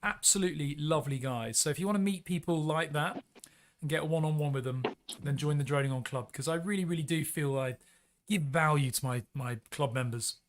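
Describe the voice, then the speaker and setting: A man's voice: fairly high pitch, brisk. An English man hosting a live flight simulator stream, upbeat and chatty, laughing often and coaxing viewers into the chat.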